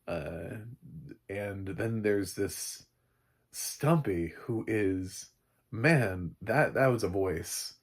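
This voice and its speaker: Husky low-voiced man chatting about a movie. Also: extremely slow. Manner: chatty, laughs often, amused and rambling. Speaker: movie reviewer. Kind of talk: casual movie review chat.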